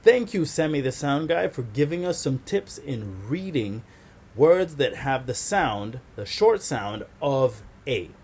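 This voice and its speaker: A man's voice: medium pitch, big pitch swings, slow, noisy background. A man teaching a kindergarten phonics lesson, patiently sounding out letters for young children.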